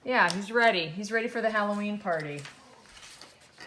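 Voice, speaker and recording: A woman teaching a children's drawing lesson, gently talking through each step as she draws. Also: medium pitch, normal speed, a little hiss or hum. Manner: gentle, encouraging, talks while drawing. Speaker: art teacher.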